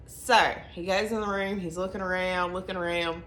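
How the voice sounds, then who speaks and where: A young woman with a Southern US accent telling her story to camera in a chatty, earnest way, racing through some phrases and slowing right down on others. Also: on the low side, steady tone, fairly bright tone. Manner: chatty, earnest, quick bursts between slow emphatic phrases. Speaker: vlogger. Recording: echoey room with faint ambient noise.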